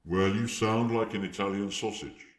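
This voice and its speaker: Man doing a haughty stiff figure, very deep voice, distant echoey room. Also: steady tone, moderate pace, close to an everyday voice.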